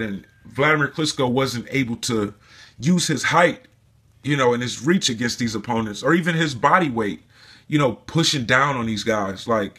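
A man's voice: medium pitch, bright, forceful tone, slightly rough. A man vlogging his opinions in a loose, rambling rant, swearing often and filling gaps with "you know" and "man". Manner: rambling, profane, frequent fillers. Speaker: boxing commentator vlogger.

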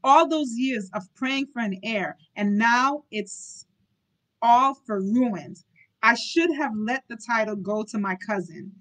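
A woman's voice: fairly high pitch, slow, a bit bright, rough recording. Storybook villain father: a contemptuous, roaring duke, read by a woman. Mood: furious disgust. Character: cruel, bellowing aristocratic duke, a father.

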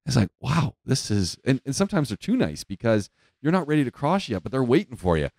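A man's voice: medium pitch, big pitch swings, a little fast, creaky, a little mellow, no echo, clean studio sound. A man hosting a podcast, telling stories in a chatty way and laughing often. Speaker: podcast host. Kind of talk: casual chat.

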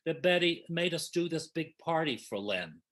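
A man's voice: on the high side, big pitch swings, moderate pace, a bit bright. A man in his seventies telling affectionate, emotional stories to old castmates over a video call. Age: 70s. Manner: emotional, affectionate storytelling with restarts. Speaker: original cast member at a reunion. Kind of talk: reminiscing on a video panel.

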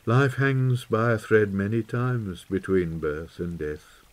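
A man's voice: lowish voice, slow. A man voicing a sincere young forester in his twenties, in an audiobook. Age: 20s. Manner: thoughtful, sincere. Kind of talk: audiobook character voice.

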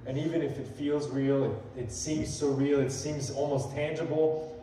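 A man's voice: on the high side, steady tone, normal speed, dark tone, slight background noise. A male pastor giving a sermon, earnest and conversational, building emphasis as he quotes scripture. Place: church sanctuary. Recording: echoey hall, voice from far off.

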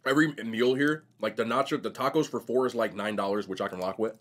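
A young man vlogging casually while eating, telling stories in a slangy, animated way. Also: on the low side, fast. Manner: animated, slangy storytelling, says bro a lot. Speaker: mukbang vlogger.

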